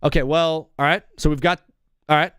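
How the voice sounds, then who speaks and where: A man hosting a live sports comedy call-in stream, bantering with callers in an energetic, joking, rambling way. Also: on the high side, brisk, smooth, no echo, clean studio sound.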